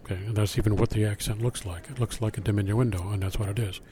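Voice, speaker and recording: A man giving spoken feedback to a school band, singing out rhythms to show them, relaxed and halting with fillers. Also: fairly low pitch. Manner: sings out rhythms to demonstrate. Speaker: band adjudicator.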